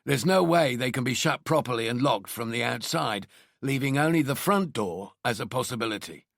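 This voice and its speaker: A man voicing a decisive male detective inspector briefing his team in a measured, firm way. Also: medium pitch, expressive, gravelly, fairly bright tone, dry recording, clean studio sound. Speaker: police team leader.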